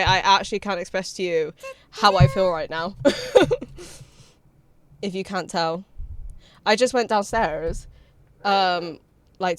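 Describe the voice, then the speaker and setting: Excitable young woman streamer. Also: medium pitch. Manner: excitable, bubbly, swears freely. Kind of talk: casual livestream chat with viewers.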